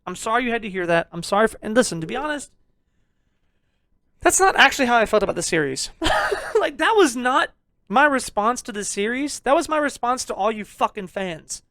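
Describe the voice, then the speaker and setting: A young man co-hosting a podcast, ranting loudly and swearing in a jokingly abrasive way, laughing as he goes. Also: very high-pitched, animated, brisk, no room sound, studio quality. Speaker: podcast co-host. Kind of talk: casual ranting review chat.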